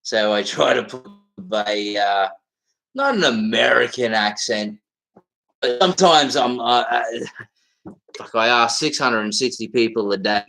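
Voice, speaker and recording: A man with a strong Australian accent talks loosely on a livestream, his voice bright and forward. He rambles and swears freely, and his speech is full of fillers and restarts. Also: mid-range voice, expressive, unhurried, creaky, poor audio. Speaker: livestream host. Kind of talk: casual livestream chat.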